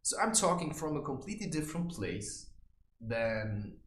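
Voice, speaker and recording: A man giving advice in a rambling casual monologue, saying "you know" constantly and mocking people in high teasing voices. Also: sing-song, moderate pace, roomy sound. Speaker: vlogger giving life advice.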